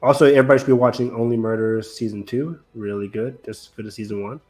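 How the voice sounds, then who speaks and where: A man's voice: medium pitch, fairly even intonation, quick pace, darkish tone. A man co-hosting a podcast in casual chat, rambling enthusiastically and loosely, with plenty of fillers. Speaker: podcast co-host.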